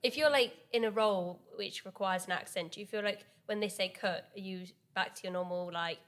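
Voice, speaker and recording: Female podcast host, mid-pitched, asks friendly, encouraging questions. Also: a little fast, fairly bright tone. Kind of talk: casual interview chat.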